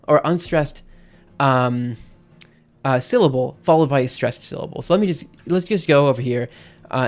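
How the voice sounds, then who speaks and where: Rambling male streamer, casual. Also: a little high. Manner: rambling, self-interrupting, frequent "right?" and "um". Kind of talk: casual live-stream talk.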